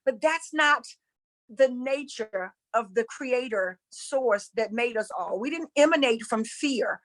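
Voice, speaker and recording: A high-pitched woman talks like a preacher. She speaks emphatically, repeats her points and calls her listeners y'all. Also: expressive, takes it slowly, rough recording. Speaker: spiritual coach and former preacher. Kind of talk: impassioned preaching-style talk.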